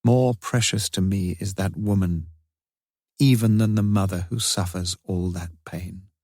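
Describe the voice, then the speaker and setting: A man's voice: low-pitched, steady tone, unhurried, darkish tone, dry recording, studio quality. A man reading as an anguished grieving father. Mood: despairing. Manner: solemn, despairing, theatrical reading. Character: anguished, grieving father writing a confessional diary.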